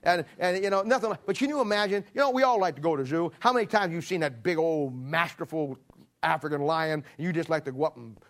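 A middle-aged man preaching a sermon, acting out a story with lively storytelling. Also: a little high, fast. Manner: animated storytelling, acting out scenes.

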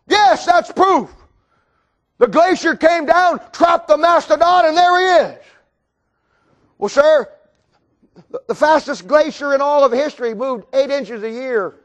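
A man preaching a sermon, mocking and sarcastic, breaking into shouts. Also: very high-pitched, measured pace, long pauses, lo-fi sound.

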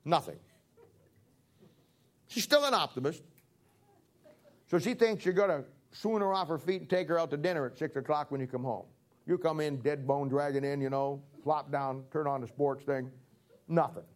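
A man's voice: on the high side, normal speed, pauses often. A man preaching a sermon in a folksy, joking way, acting out little everyday scenes. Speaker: pastor.

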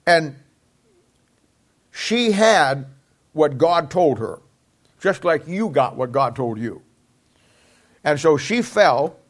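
Speaking in a mid-range voice, a man teaches from the Bible with a folksy, conversational sermon style, tossing rhetorical questions at those listening.

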